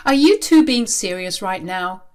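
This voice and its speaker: A woman voicing a shocked, disapproving mother in a spoken story, shrill and indignant. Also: expressive, a little slow, clean tone, natural voice.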